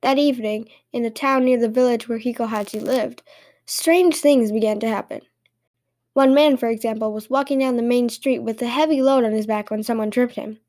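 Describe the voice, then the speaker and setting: A woman hosting a podcast and reading fairy tales aloud with lively, expressive storytelling. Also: on the high side, a little fast.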